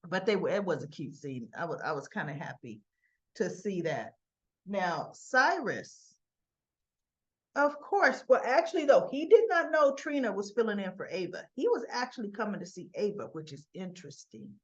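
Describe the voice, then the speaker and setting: A woman's voice: medium pitch, very animated, normal speed, lo-fi sound. A woman giving a casual, chatty recap of soap opera scenes, slipping in asides and quoted dialogue.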